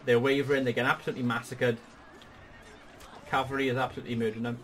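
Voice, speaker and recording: He speaks very fast in a mid-range, slightly bright voice with little pitch movement. A Welsh gaming channel host, he patiently coaches a partner through a strategy battle in lively, explanatory tutorial commentary.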